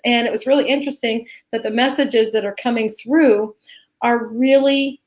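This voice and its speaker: Woman cohosting a live q&a, kinda high voice, earnest and heartfelt, lots of restarts. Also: moderate pace. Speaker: co-host, teacher. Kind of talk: live Q&A chat.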